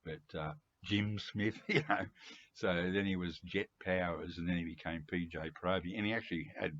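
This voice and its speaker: An Australian man in his seventies, rambling chattily with chuckles and throat-clearing in a lo-fi home recording. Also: sits low, fairly even intonation, moderate pace, a bit bright, a little hiss or hum. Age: 70s. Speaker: music collector video host. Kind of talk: casual rambling monologue to camera.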